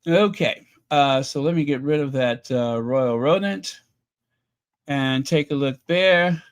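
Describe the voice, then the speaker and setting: A man hosting a casual livestream, chatting with viewers in a mocking, rambling way full of pauses and fillers. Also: mid-range voice, clean tone. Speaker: channel host reading super chats.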